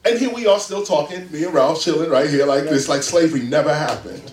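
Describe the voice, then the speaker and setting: A man speaking as a guest before a live audience in a library, lecturing in an animated, emphatic way. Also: fairly high pitch, fairly quick. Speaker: interview guest. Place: public library event room. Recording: roomy, distant mic.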